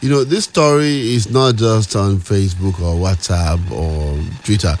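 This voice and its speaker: A man hosting a morning radio talk show in a relaxed, conversational way. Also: fairly low pitch, unhurried, slight background noise. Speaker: radio host.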